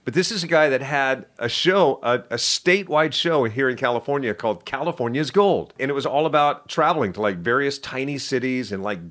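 A middle-aged man telling stories from his life as an interview guest, lively and self-deprecating with quick asides. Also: medium pitch. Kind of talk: casual storytelling interview.

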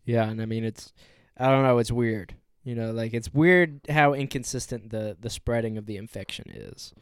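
A man's voice: medium pitch, moderate pace, clear, resonant tone, dry recording, clean studio sound. A man co-hosting a podcast, recapping a movie scene by scene in a laid-back, casual way. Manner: laid-back recap, plot-walking with "from there". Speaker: podcast co-host. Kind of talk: casual film discussion.

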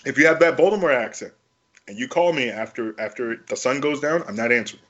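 A man's voice: medium pitch, quick pace. A man from New York chatting on a podcast who pronounces every word properly and tells stories with energy. The sound is a little dull and lo-fi. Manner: animated storyteller, enunciates carefully. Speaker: podcast co-host. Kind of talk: casual podcast banter.

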